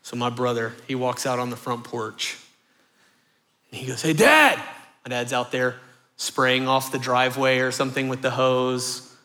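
Animated storytelling preacher, bright voice. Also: male voice, medium pitch, normal speed. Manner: animated storytelling, acts out voices, repeats phrases for rhythm. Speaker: pastor. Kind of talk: sermon.

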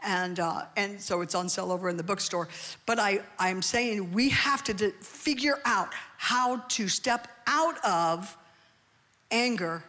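A middle-aged woman pastor preaching a sermon with animated delivery, often calling for amens from the congregation. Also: medium pitch, a little slow. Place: church hall. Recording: long reverb of a large hall.

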